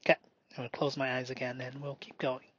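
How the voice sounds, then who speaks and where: A man doing a slow, meditative spoken self-reflection, halting and often dropping into a whisper. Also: mid-range voice, level tone, fairly bright tone, husky. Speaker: solo performer. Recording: dull lo-fi dry recording.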